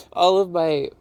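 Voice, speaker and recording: A man tells a personal story at an unhurried pace, his voice sitting a little high for a man. He laughs often between phrases and keeps stopping and restarting his sentences. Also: darkish tone. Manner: laughs often, halting and repeating himself. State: breathless and dizzy.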